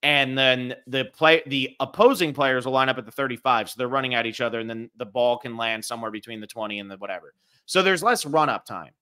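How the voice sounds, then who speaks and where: Male co-host, bright and forceful tone, casual sports talk. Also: medium pitch, fast talker, clean tone. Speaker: podcast co-host.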